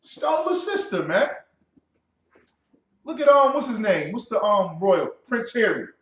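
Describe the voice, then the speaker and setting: Man instructor, high and very lively voice, mocking and combative delivery, echoey room with a distant mic. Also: a little slow. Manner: animated, mocking and confrontational, with loud outbursts. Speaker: class instructor. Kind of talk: lecture to a class.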